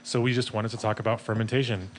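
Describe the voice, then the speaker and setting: A man's voice: lowish voice, flat delivery, quick pace, slight background noise. A man hosting a casual podcast from a taproom, laid-back, laughing often and swearing freely. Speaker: podcast host. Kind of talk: casual chat.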